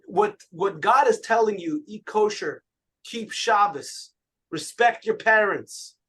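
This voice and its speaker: A man, a rabbi, giving an animated sermon with stories, often repeating words as he goes. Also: high voice.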